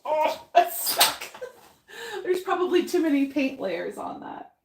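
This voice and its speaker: Lively, chatty woman hosting a paint-along. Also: high-pitched, unhurried, vocal fry, roomy sound. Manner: chatty, laughs often, thinks aloud nervously. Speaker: painting host. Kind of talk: live paint-along chat with viewers.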